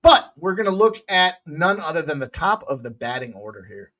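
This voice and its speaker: Man, sports betting host, casual picks talk, jokey, self-mocking, loud excited bursts. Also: fairly high pitch, normal speed.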